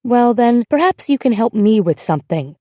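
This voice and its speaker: A glamorous young woman from a storybook, gentle and kindly, speaking softly to a child next door, played by a woman narrator. Her voice is mellow and low-key, recorded close and dry. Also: sing-song, normal speed, no room sound.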